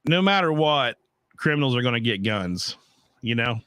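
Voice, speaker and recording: A man's voice: mid-range voice, very animated, normal speed, fairly bright tone, clean tone, dry recording, studio quality. A middle-aged man hosting a casual home podcast, talking bluntly with a lot of profanity and rambling asides. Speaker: podcast host. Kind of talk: casual chat.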